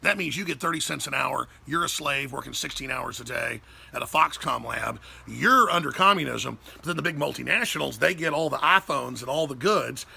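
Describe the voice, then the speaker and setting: A man's voice: medium pitch, fairly quick, gravelly, bright, forceful tone, husky. A man from Texas, a talk show host ranting in a combative, intense monologue.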